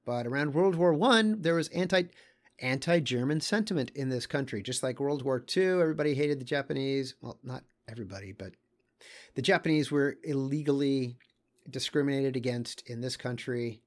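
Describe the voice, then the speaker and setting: A man walks through a set of maps in a loose, unscripted lecture. He thinks out loud, stops and restarts, and fills his pauses with small asides. His pitch sits in the middle range. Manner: thinks aloud, halting, with many fillers and small asides. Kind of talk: casual lecture commenting on maps.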